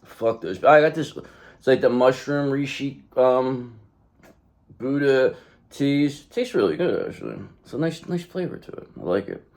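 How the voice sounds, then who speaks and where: Animated, rambling male tarot host. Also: medium pitch, a little slow. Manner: rambling, repetitive and effusive. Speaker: tarot reader and channel host. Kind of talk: casual tarot reading.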